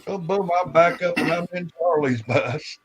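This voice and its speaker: A man's voice: fairly high pitch, moderate pace, breathy edge. A man on a live stream telling a long rambling story in casual chat, acting out the voices of the people in it and swearing as he goes.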